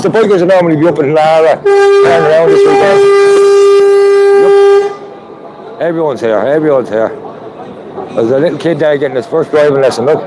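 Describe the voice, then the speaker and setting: A man's voice: fairly high pitch, poor audio. Irish man, live stream host, chatty, banters with viewers, outdoor street, crowd noise. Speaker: livestream host. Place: outdoor street protest with trucks. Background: crowd and vehicle noise.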